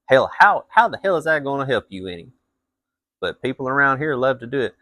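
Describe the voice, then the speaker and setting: A man's voice: medium pitch, big pitch swings, a little fast, bright, forceful tone, dry recording. A man telling a blunt, profane story as a rant, his voice jumping up into heated outbursts. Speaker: vlogger.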